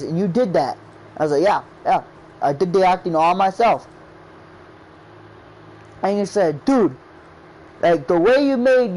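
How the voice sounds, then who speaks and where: A man's voice: high-pitched, rough recording. A man casually telling a rambling story about making his game, quoting his friends' reactions over and over. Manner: rambling, repeats "I was like" and quotes friends. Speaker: game creator.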